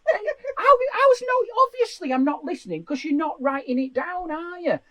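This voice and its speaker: A middle-aged man, a comedian hosting a weekly show from home, telling stories with animated, mock-exasperated rants. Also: extremely high pitch, a little fast, no room sound. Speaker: comedian host. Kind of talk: comic chat on a weekly live show.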